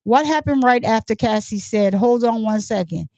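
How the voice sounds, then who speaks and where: Woman reading as an attorney: measured, formal questioning, slightly high voice, dull dry sound. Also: mellow, dry recording, lightly acted. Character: courtroom attorney questioning a witness.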